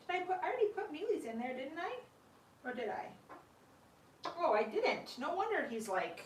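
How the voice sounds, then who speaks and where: A sugar glider owner and channel host chats casually on a live stream at home, talking fondly to her pets and laughing often. Her voice is high with big pitch swings, at a measured pace with long pauses. The room sounds roomy, with the mic at a distance.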